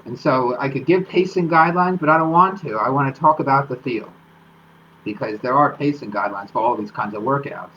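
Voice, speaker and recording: A man's voice: mid-range voice, fairly quick, fairly bright tone, dull audio, slight background noise. A man hosting a live-streamed talk about running, explaining workouts in a coaching tone. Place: home studio.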